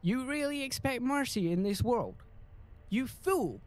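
Brief: swaggering raider with a wobbly English accent, put on by a man, raised and high. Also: sing-song, takes it slowly, fairly bright tone, exaggerated voice. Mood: menacing. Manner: clumsy put-on English accent, theatrical threats. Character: swaggering male gang raider, threatening.

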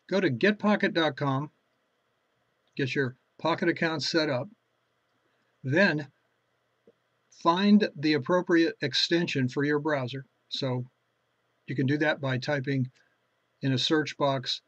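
Husky-voiced man explaining an app. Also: fairly high pitch, no echo, highs cut off. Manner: casual, chatty explaining with restarts. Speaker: tutorial host. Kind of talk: screen-recorded app tutorial.

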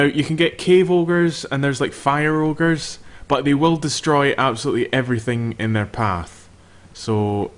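A young man giving casual, chatty commentary over a game, swearing freely and talking to the creatures on screen. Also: medium pitch. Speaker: gameplay commentator.

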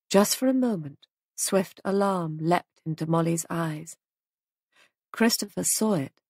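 A woman narrates an audiobook in a measured, even storytelling manner. Her voice sits on the low side, recorded with studio quality and no room sound.

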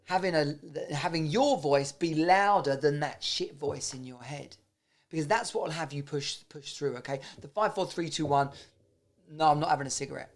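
A man's voice: on the high side, normal speed. A man giving a casual, blunt motivational talk, swearing freely and often restarting his sentences. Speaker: self-improvement vlogger.

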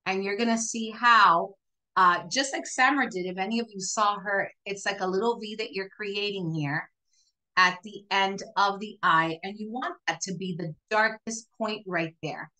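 A woman's voice: medium pitch, normal speed, pushed and bright, rough recording. A woman hosting a live makeup tutorial, chatty and encouraging, talking viewers through each step as she works. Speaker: makeup demonstrator.

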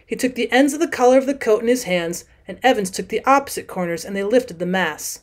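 A woman teacher narrating a classic short story as an audiobook in a steady, clear reading voice. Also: on the high side, brisk.

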